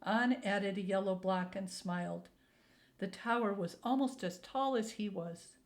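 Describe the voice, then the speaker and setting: A woman hosts a children's storytime and reads a picture book aloud. Her pace is slow and deliberate, her pitch sits in the middle range. The manner is gentle and clear throughout. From Minnesota, USA. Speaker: youth storytime reader.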